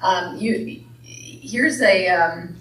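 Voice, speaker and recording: Heard from afar in an echoey church hall, a woman minister speaks extremely slowly in a lowish, fairly bright voice. Her sermon is playful and full of jokes, and she keeps asking the congregation questions.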